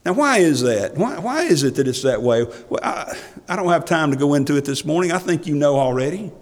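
A male pastor preaching a sermon, reading scripture in old-fashioned wording and rising to emphatic passages before dropping quiet. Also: fairly high pitch, sing-song, a little fast. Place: church sanctuary. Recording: long hall reverb from a church.

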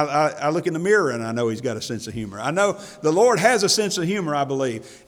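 A man preaching a sermon as pastor, folksy and chuckling, swinging between hushed asides and raised emphasis. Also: mid-range voice. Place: church sanctuary. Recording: long hall reverb from church.

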